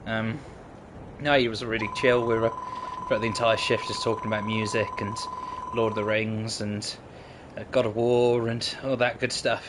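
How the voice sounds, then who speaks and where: A man's voice: on the low side, flat delivery, moderate pace, background noise. Laid-back southern English man rambling. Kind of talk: casual chat.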